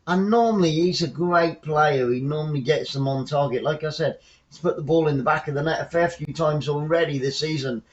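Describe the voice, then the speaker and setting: Bloke doing fan commentary from his living room, rambly and chatty, bit of a higher voice, muffled lo-fi mic. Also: brisk. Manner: chatty, rambling asides between excitable play-by-play. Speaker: fan commentator hosting a live stream. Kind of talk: casual live football commentary. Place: at home, watching the match remotely.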